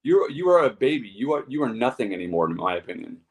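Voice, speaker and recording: A man's voice: mid-range voice, very animated, fast talker. A man co-hosting a football talk show, blunt and heated, ranting with profanity. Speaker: sports show co-host. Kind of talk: casual sports talk.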